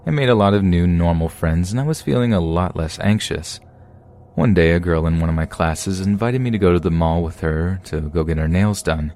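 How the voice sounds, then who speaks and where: A man reading a first-person scary story aloud as a podcast narrator, in a steady, measured scripted delivery. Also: deep voice.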